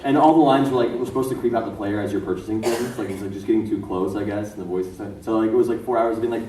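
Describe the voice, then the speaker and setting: Low-voiced man joking on a panel. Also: rapid-fire, crowd noise. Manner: joking, acts out shouted lines. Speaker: voice actor on a convention panel. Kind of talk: panel anecdotes. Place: convention panel room. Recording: echoey room from far off, noisy.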